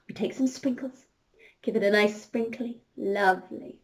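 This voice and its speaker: A woman telling an interactive story to children, full of excited gasps and questions aimed straight at the young listeners. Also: a little high, slow. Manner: animated, gasping, addresses children directly.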